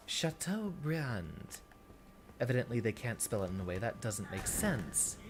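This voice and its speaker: A man's voice: medium pitch, unhurried, noisy background. Man from Texas in a put-on streamer persona voice. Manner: performs a put-on teacher persona voice rather than his real one; thinks aloud while exploring, relaxed and chatty. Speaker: VTuber streamer. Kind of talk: casual gameplay commentary. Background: game music.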